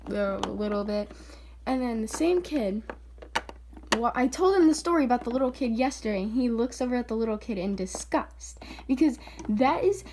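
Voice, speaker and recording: High-voiced chatty young vlogger woman. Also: normal speed, background noise. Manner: chatty, filler-heavy, often says "like"; animated quoting voices. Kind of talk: casual storytime chat.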